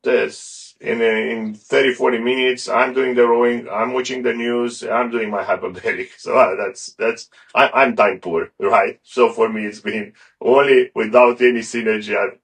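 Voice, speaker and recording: A middle-aged man chatting as an interview guest in a gravelly voice. He rambles and stumbles over restarts, and he sits a little back from the microphone. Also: medium pitch, fairly even intonation, moderate pace, few pauses. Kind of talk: casual interview talk. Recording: a bit far from the mic.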